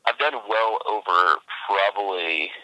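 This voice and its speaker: Very low, bright-toned casual man. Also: measured pace, dry recording, poor audio. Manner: easygoing, laughs often, trails off with fillers. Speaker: obstacle racer guest. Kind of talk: casual chat.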